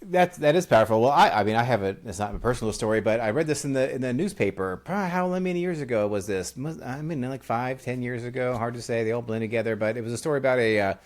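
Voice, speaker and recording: A man's voice: medium pitch, quick pace, few pauses. A man hosting a podcast interview who chats in a loose, rambling way and fills his talk with little filler words. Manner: loose and rambling, full of "like" and "you know". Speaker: podcast host. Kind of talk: casual interview chat.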